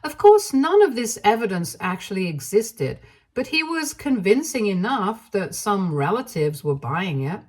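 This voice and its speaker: A woman reading a first-person story aloud in an even, measured narration style. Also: medium pitch.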